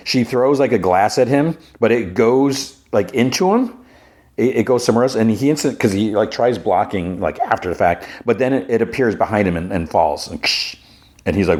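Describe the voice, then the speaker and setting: A man hosting a podcast, casually retelling a TV episode and jumping up in pitch to act out the characters' lines. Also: brisk. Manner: animated retelling, acting out characters' lines in a raised voice. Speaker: podcast host. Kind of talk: casual movie and TV recap.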